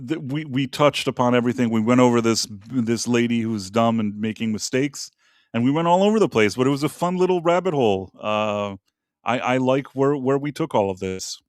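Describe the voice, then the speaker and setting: A man's voice: mid-range voice, moderate pace, no echo, studio quality. Rambling, blunt man hosting a live chat. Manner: blunt, opinionated, rambling with profanity. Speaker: podcast host. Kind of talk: casual live-stream chat.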